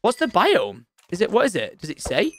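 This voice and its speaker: A man commentating his Minecraft let's play, excitable and loud at surprises. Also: high-pitched, moderate pace, a little hiss or hum. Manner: excitable, shouts and squeals at surprises. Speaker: gaming channel host.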